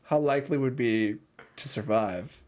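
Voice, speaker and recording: A young man hosting a podcast, telling a rambling, animated game story with frequent laughs and swearing. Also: mid-range voice, moderate pace. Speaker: podcast host. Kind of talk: casual storytelling chat.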